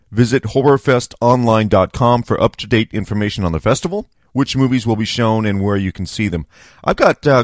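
A man's voice: fairly low pitch, no echo, clean studio sound. A man hosting a podcast in a chatty casual monologue, laughing often. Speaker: podcast host.

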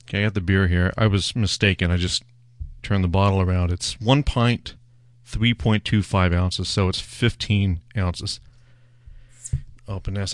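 On his own beer show, a man whose voice sits on the low side tastes a beer and talks casually, wandering through wry, self-mocking remarks. The recording is dry.

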